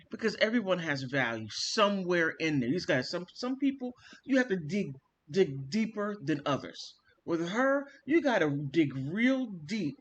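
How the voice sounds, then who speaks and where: A man vlogging, telling a family story in an animated, theatrical way and acting out the quotes. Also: high voice, a little hiss or hum. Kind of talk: casual storytelling monologue.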